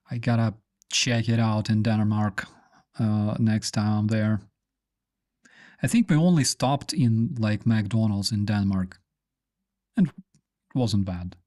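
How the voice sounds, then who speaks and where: Unhurried man chatting on a stream. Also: mid-range voice, darkish tone. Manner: rambling, lots of fillers and restarts. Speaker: live stream host. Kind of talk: casual live stream chat.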